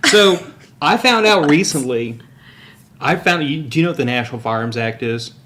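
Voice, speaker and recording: A man's voice: a little high, lively intonation, moderate pace, pushed and bright, slight background noise. Sarcastic opinionated male podcast host. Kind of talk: casual chat.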